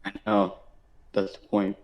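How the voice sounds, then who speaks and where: Crude low-voiced man trolling a call. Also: monotone, a little slow, muffled recording. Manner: crude, trolling, rambling with fillers. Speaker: caller on a group call. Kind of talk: casual group call.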